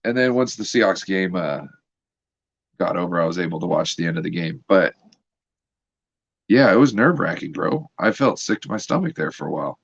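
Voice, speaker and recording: A man joining a sports chat as a guest, telling an animated story as a frustrated fan. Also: deep voice, brisk, creaky, pauses often, slightly rough, no room sound, muffled recording. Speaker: guest co-host.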